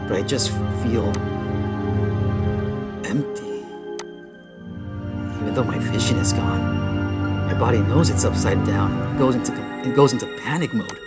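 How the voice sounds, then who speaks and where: An excitable man in a let's-play, reading horror game narration aloud with a dramatic edge. He keeps breaking off with startled exclamations, speaking at an ordinary pitch. Loud game music plays beneath his voice in a garage setting. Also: measured pace, pauses often. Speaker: gaming video host. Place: garage at night.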